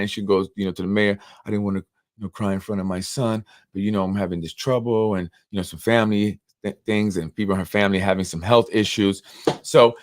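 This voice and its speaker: Rambling low-voiced New York man. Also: dry recording, studio quality. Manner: rambling storytelling, many fillers. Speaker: host of a local politics show. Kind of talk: casual live-stream commentary.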